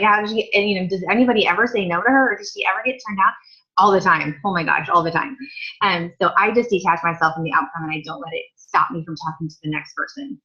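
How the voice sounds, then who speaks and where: A woman's voice: fairly low pitch, sharp tone. A woman leading a sales team training, chatty and upbeat with lots of asides. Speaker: team leader. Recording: dull lo-fi audio.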